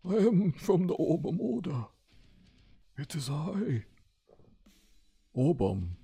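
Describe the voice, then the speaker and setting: A man putting on the voice of a pompous old man from a secret order, husky and grand, for a game. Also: on the high side, big pitch swings, slow pace, mellow, faint music behind, voice pushed up, heavily acted. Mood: grandiose.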